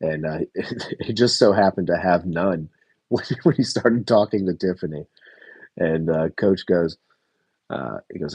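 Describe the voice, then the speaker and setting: A man's voice: deep voice, unhurried, darkish tone, husky, no room sound. A man casually reviewing a reality TV episode, rambling, correcting himself, swearing now and then and chuckling. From United States. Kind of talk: casual reaction review chat.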